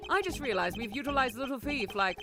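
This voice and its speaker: A woman's voice: on the high side, expressive, quick pace, over music. A woman streamer chatting casually between game lines, with joking, laughing asides. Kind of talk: casual gameplay commentary.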